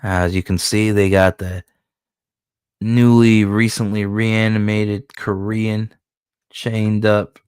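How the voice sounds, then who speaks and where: A man, a comic book creator, casually walking through his own comic in loose, profane, excitable commentary. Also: lowish voice, slow, clean tone, no room sound, clean studio sound.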